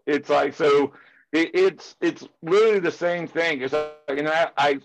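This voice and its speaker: A man's voice: on the high side, moderate pace, creaky, soft background music, low-quality recording. A man who speaks at security conferences, chatting casually in an interview and drifting into passionate, rambling rants full of "it's like.". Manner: heavy filler use of "it's like".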